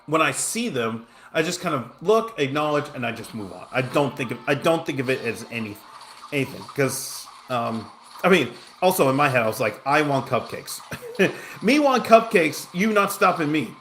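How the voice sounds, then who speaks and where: A man's voice: mid-range voice, lively intonation, normal speed, a bit bright, a little hiss or hum. A man telling a long personal story in a casual, rambling way while he plays a game, with lots of restarts, asides and self-mocking jokes. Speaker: gaming streamer.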